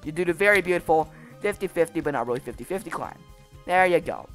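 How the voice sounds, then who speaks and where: A channel host narrating their own gameplay with a wildly swinging pitch. The commentary is frustrated and full of swearing, breaking into angry yells. Game music plays underneath. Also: huge pitch swings, fairly quick. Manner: frustrated, swearing, raging outbursts.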